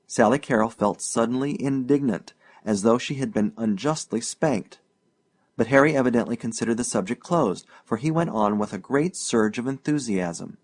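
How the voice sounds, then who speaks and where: A man narrates a classic short story as a scripted audiobook reading. His delivery is unhurried and even, steady through the descriptive passages. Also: medium pitch.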